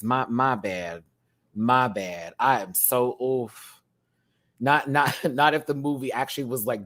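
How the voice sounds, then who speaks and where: A man hosting a casual reaction show, campy and chatty, swinging from loud exclamations to quiet asides and laughing often. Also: medium pitch. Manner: campy and chatty, repeats words for emphasis.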